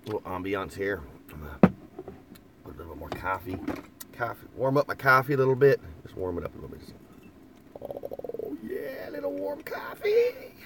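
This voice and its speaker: Heavy background noise surrounds a man talking fast in a low voice as he reads live chat from inside a camper van. He rambles casually, laughs often, and repeats phrases.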